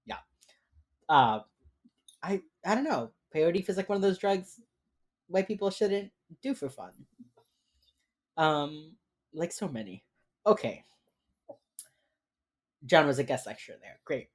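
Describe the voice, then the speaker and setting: Woman, deep low voice, rambling casual recap, full of "like". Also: very animated, slow pace, pauses often, husky. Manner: rambling, filler-heavy retelling with lots of "like". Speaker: podcast co-host. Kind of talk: casual chat recapping a TV episode.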